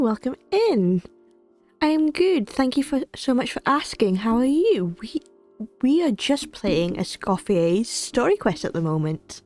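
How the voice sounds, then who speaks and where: A woman streamer reacting to a story game in an excitable, chatty way, tripping over her words. Her pitch moves around a lot, with faint music behind her. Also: unhurried, no room sound. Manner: excitable, chatty, stumbles and repeats. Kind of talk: casual gameplay reaction.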